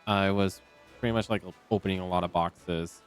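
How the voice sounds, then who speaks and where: Low-voiced rambling male streamer. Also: steady tone, a little fast, clear, resonant tone. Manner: rambling and chatty, with many ums. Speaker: game streamer. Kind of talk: casual live-stream chat. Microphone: desk microphone. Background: faint game music.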